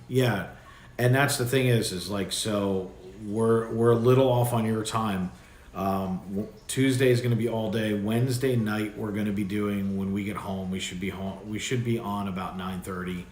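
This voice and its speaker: A man hosting a livestream, chatting casually and rambling with loose restarts. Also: low voice. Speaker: livestream host. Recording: echoey room with faint background noise.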